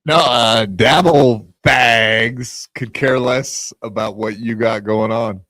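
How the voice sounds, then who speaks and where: A man's voice: medium pitch, slow pace, hardly any pauses, fairly bright tone, no echo. A man hosting a live podcast on his own, delivering a profane, taunting rant and casual sign-off chatter. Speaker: podcast host.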